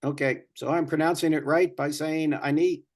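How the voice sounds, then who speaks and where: A man's voice: on the high side, fairly even intonation, moderate pace. A man, a student, asking plain questions in a class.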